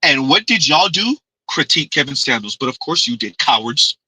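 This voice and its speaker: Male stream host, high-pitched, emphatic and repetitive, dry close sound. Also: big pitch swings, normal speed, sharp tone, husky, dry recording, rough recording. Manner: emphatic, repetitive, refers to himself in third person. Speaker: livestream host. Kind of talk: commentary livestream.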